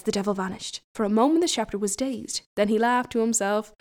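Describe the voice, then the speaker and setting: A woman's voice: mid-range voice, brisk, hardly any pauses, darkish tone. Chatty woman reading a folk tale. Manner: chatty asides between passages. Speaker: storyteller.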